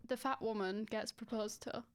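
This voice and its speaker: A woman's voice: fairly high pitch, steady tone. Giggly young woman, playful podcast chat. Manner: giggly, playful, quick to argue her answers. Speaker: podcast co-host. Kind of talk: casual chat, quiz game.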